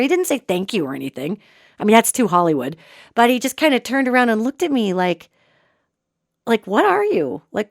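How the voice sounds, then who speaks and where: A woman hosting a show and telling a story in an animated, dramatic way, with sudden swings between loud and soft. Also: on the high side, no room sound, clean studio sound. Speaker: podcast host and psychic. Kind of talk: storytelling monologue.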